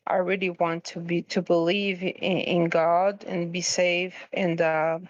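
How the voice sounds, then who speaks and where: A woman's voice: lowish voice, level tone, measured pace, no room sound, muffled recording. Hesitant, tearful woman on a call. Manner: hesitant, full of fillers and restarts. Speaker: caller. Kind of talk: emotional call-in confession.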